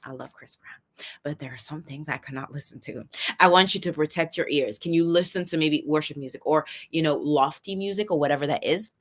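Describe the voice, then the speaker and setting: A young adult woman giving a chatty motivational talk on a livestream, animated and quick to laugh, often restarting her sentences. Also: low-pitched.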